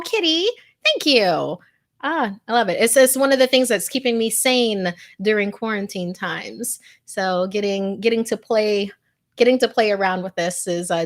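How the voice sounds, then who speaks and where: A woman's voice: medium pitch, a bit bright. A woman hosting a live stream, chatting casually and gushing over viewer comments with lots of fillers. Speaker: host.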